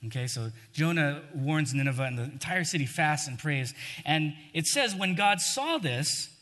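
Conversational male preacher with a bright voice. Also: a little high, expressive, normal speed, big-room sound. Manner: conversational, acts out scripture quotes. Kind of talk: sermon.

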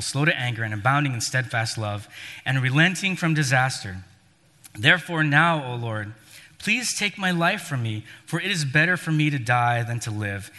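A man with a bright, forceful, somewhat high voice preaches a sermon, telling a story and acting out the lines he quotes with rising and falling emphasis. A long hall reverb surrounds the recording.

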